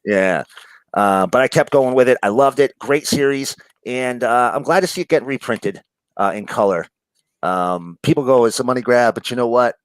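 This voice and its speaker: Medium in pitch, animated and resonant, his voice comes through clear at a normal speed despite a low-quality, echo-free recording. He's a New York man with a New York accent, casually rambling about comics with plenty of fillers, profanity and laughter.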